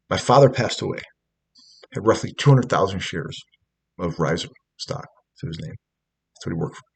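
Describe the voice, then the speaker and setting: A man's voice: low voice, vocal fry, breathy edge. A man telling a rambling personal story, agitated and profane, with many fillers and asides. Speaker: storyteller recounting personal events. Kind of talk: rambling spoken monologue.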